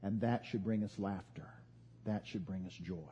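A man preaching a sermon, retelling scripture as an animated story. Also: on the low side, normal speed, slight background noise. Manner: animated storytelling, voicing quoted figures. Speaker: pastor. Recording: dull lo-fi sound.

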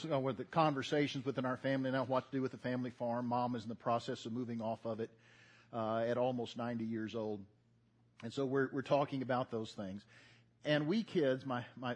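Husky older man preaching a sermon. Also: mid-range voice. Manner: builds to loud emphatic repetition. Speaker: pastor.

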